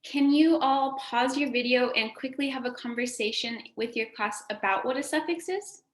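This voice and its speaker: A woman teacher leads a recorded phonics lesson for a class, her voice sitting high at a normal speed. She's encouraging and sing-song, stretching out words for the children to repeat, in an echoey room with faint background noise.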